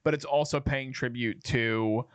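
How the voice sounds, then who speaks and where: A man co-hosting a casual TV review podcast, animated and retelling scenes with swearing. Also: medium pitch, a little slow, smooth, no room sound. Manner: animated, acts out scenes with profanity. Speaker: podcast co-host.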